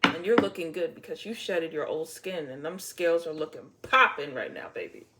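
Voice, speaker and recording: A woman's voice: deep voice, normal speed, noisy background. A woman giving a casual tarot reading to camera, playful and blunt, swearing freely and laughing often. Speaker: tarot reader.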